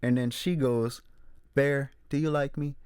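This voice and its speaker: A man hosting a casual solo movie talk, emphatic and animated, repeating his points. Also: medium pitch, a little slow, clear, resonant tone, no room sound, studio quality. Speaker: movie review host. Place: room with a squeaky chair.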